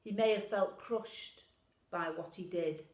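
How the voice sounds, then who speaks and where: A woman minister reading a pastoral letter in a gentle, reflective way. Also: lowish voice, takes it slowly, roomy sound, low-quality recording. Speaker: Methodist minister. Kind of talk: pastoral letter read aloud.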